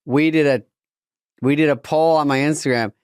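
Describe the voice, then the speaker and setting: A middle-aged man co-hosting a podcast, wry and deadpan, telling stories with quoted exchanges and sound effects. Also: a little high, moderate pace, clear, resonant tone, dry recording, clean studio sound. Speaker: podcast co-host. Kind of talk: casual comedy chat.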